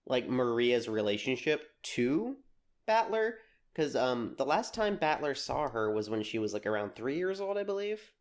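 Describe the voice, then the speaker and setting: A podcast co-host in a casual discussion, halting and repeating words before getting going. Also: mid-range voice, big pitch swings.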